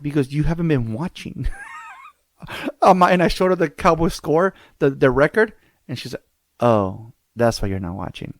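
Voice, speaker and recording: A man's voice: fairly high pitch, moderate pace, no room sound. A man hosting a podcast, telling stories in casual chat with lots of swearing. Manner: animated, profane storytelling. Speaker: podcast host.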